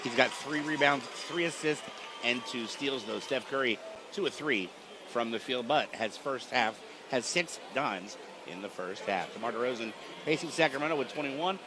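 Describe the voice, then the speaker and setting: A man calling live basketball play-by-play on the radio, his voice rising with excitement on big plays. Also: medium pitch, normal speed, background noise. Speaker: play-by-play announcer.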